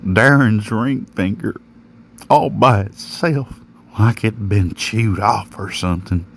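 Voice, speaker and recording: Low, slow folksy man narrating. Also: vocal fry, a little hiss or hum. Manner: folksy, rural drawl with slang. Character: plain-spoken rural working man. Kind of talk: first-person horror story narration.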